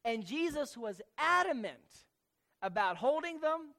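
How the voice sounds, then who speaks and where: A preacher teaching a sermon from scripture, speaking slowly and deliberately, repeating key words and asking the listeners questions. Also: high voice, very animated, fairly bright tone.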